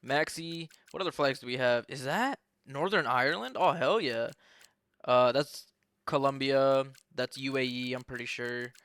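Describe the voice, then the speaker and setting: A man's voice: medium pitch, normal speed, fairly bright tone, smooth, no echo. A young man giving casual, profane, joking commentary on a sim race while bantering with his live chat.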